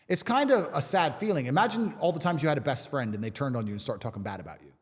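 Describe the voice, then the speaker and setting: A man's voice: on the high side, sing-song, fast talker, few pauses, in a large hall. A man from England, a guest talking with emphatic, repetitive rhetoric in a podcast conversation. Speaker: interview guest.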